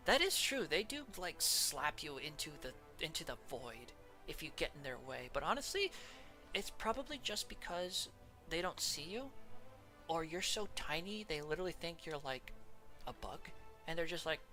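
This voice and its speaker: Very animated and sharp-toned, the medium-pitched streamer ranks characters at a normal speed while soft music plays. Laughter comes often, and her rambling thoughts break off mid-sentence and restart.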